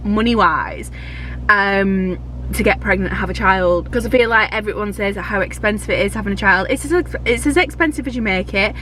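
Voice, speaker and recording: Chatty bright-voiced woman vlogger. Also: medium pitch, a little fast, slight background noise. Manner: gushing, chatty, swears casually. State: heavily pregnant. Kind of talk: chatty casual vlog.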